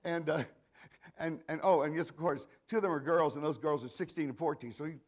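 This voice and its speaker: An older man preaching a sermon, slightly high in pitch. He talks in a folksy, conversational way, wandering into asides and restarting his sentences as he goes. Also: brisk.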